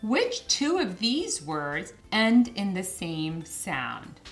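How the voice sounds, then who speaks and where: Slow sing-song woman teaching kids. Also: faint music behind. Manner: sing-song, stretches words slowly with lively pitch. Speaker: children's phonics teacher. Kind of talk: slow, clear lesson for young children.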